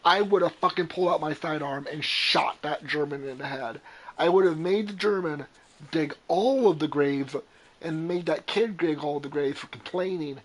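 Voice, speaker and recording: A man's voice: a little high, moderate pace, rough recording. A young man with a slightly raised voice, chatting casually with a friend. He rambles, starts sentences over and over, and swears freely as he retells movie scenes. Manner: rambling, profane, restarts a lot, acts out quotes. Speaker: gamer chatting while playing. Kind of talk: casual chat.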